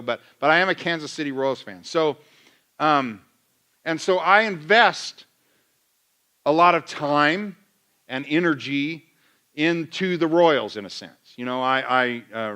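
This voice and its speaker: A man in middle age preaches to his church in a loose, chatty sermon style. His voice sits a little high and rings bright and forceful. He slips into playful re-enactments of his own griping to make a point. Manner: conversational, self-deprecating, acts out his own rants. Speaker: pastor.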